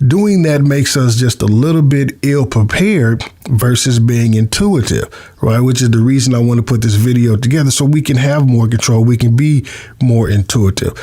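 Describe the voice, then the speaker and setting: Man, tax preparer, casual lesson, friendly, mid-pitched voice. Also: darkish tone. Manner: friendly, repeats words, chuckles at his own jokes. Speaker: tax preparer teaching a video series.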